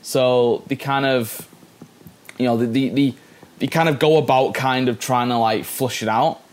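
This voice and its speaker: A man talks through a film plot in a relaxed podcast chat, his voice pitched in an ordinary middle range. He rambles, stalling on repeated words while he searches for the right one, and drops casual swears along the way. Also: a little slow. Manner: swears casually and laughs often. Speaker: podcast co-host.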